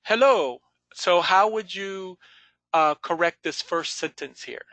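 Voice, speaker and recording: Gravelly, bright-toned male teacher. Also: sits high, slow pace, no room sound. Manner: patient, calls on students by name. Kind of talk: online class instruction. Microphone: video call.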